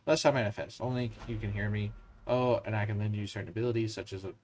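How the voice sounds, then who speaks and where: A man's voice: fairly low pitch, fairly even intonation, fast, a little mellow, slight background noise, close to an everyday voice, low-quality recording. A man with a Southern US accent reading aloud the lines of a dead male wizard ghost bound to a soul gem, stumbling at times.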